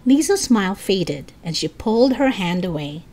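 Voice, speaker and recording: Animated woman reading a children's book. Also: mid-range voice, moderate pace, slight background noise. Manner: expressive, animated narration. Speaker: storyteller. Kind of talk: children's book read aloud.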